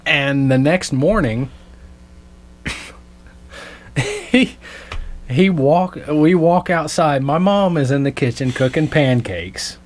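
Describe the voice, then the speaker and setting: A man's voice: on the high side, slow pace, long pauses. A young man co-hosting a podcast, telling crude stories with his friends and laughing often as he goes. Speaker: podcast co-host. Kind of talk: casual chat.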